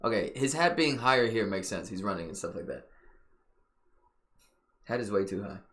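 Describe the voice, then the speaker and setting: A man's voice: on the low side, moderate pace, a little hiss or hum. Rambling, swearing young man reacting. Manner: rambling, profane, lively. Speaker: streamer reacting to a trailer. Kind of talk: casual reaction commentary.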